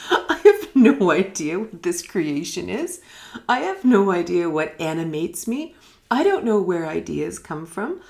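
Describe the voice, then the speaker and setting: A woman giving a reflective spiritual teaching in a live online session, musing and unhurried, sometimes dropping almost to a whisper. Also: lowish voice, a little mellow. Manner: unhurried, musing, drops to near-whispers at times. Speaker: meditation teacher. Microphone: live online broadcast.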